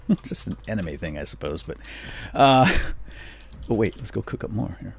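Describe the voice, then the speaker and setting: Low-voiced man rambling a casual recap. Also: lively intonation, measured pace, vocal fry, husky. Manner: rambling, lots of fillers and chuckles. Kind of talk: casual recap while playing a game.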